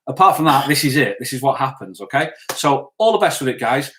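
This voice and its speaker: A man's voice: medium pitch, expressive, fairly quick, a bit bright, slight background noise. A man co-hosting a casual live stream, talking bluntly and rambling as he answers viewer comments.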